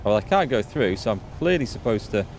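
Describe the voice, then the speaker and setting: A man's voice: lowish voice, big pitch swings, a little fast, vocal fry, a little mellow, a little hiss or hum. A man hosting a let's play, chatting and laughing through his commentary. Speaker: gaming video host.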